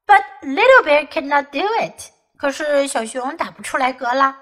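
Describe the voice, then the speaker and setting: A woman teacher reading a children's picture book aloud, slow and lively for learners. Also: sits high. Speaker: English teacher. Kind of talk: bilingual storybook reading.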